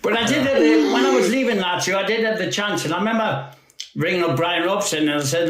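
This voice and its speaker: Man, Geordie accent, 50s, rambling anecdotes, higher pitch, echoey room. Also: quick pace, fairly bright tone. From North East England. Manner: laughing, rambling anecdotes with acted quotes. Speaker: guest footballer. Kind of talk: storytelling anecdotes.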